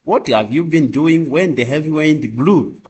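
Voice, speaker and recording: A man teaching an English grammar lesson, reading example sentences slowly and explaining them quickly in between. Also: fairly high pitch, a little mellow, breathy edge. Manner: slow drilled example sentences, then rapid explanations. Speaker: language teacher.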